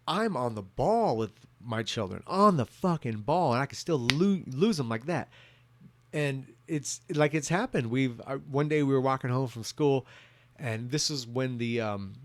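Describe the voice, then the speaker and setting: A man's voice: medium pitch, no echo. A man in his thirties giving a drunken, rambling rant as a vlogger, swearing and restarting his sentences often. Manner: profane, rambling, many restarts.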